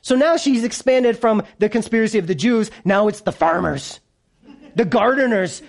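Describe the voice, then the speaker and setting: A man preaching a sermon to a congregation with kids present, animated and playful, swinging from hushed lows to loud peaks. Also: normal speed, gravelly. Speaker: pastor.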